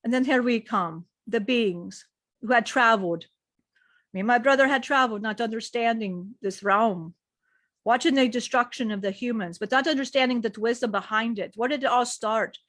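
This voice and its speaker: A woman telling a spiritual story in slow, repetitive storytelling while speaking as a male being she channels. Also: fairly high pitch, fairly bright tone, no room sound, studio quality.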